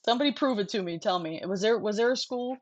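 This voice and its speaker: A woman's voice: medium pitch, quick pace, dull audio. Blunt, laughing woman hosting a casual livestream. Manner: animated, blunt, swears often, laughs a lot. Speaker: host.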